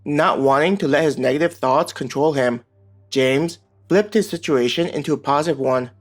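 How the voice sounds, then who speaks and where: A man narrating a fantasy web novel in an even, unhurried reading voice. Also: fairly high pitch. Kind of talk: scripted audiobook narration. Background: soft background music.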